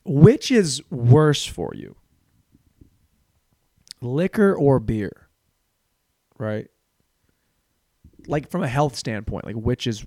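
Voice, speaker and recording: A man's voice: mid-range voice, gravelly, darkish tone, no room sound, clean studio sound. A man hosting a podcast and riffing through a crude comedic monologue, rambling and profane. He slips into mock voices along the way.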